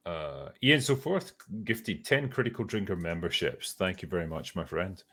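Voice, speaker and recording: A man's voice: sits low, expressive, moderate pace, fairly bright tone, slightly rough. A man hosting a casual panel chat, blunt, swearing freely and laughing often. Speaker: host.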